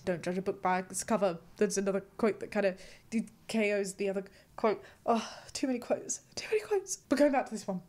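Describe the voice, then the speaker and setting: A woman's voice: mid-range voice, darkish tone. A young woman hosting a casual chat, bubbly and self-mocking, often breaking into giggles. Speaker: host.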